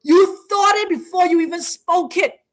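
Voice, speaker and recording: A woman with a very high voice hosts a spiritual teaching talk. Her delivery is emphatic and preacher-like, with phrases repeated and drawn out.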